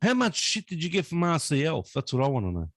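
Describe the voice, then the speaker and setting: A man on a casual hobby chat stream, teasing loudly and calling everyone "mate". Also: a little high, wildly swooping pitch, fast, dry recording, studio quality. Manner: teasing, loud, repeats "mate". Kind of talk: casual banter.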